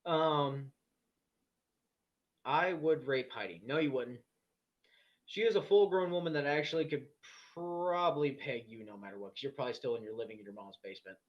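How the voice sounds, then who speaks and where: A man running a casual live stream, reading the chat aloud and firing back at trolls in a blunt, swear-heavy way. His voice sits at a middle pitch. The audio is a little dull and lo-fi, like ordinary stream sound. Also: normal speed. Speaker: livestream host.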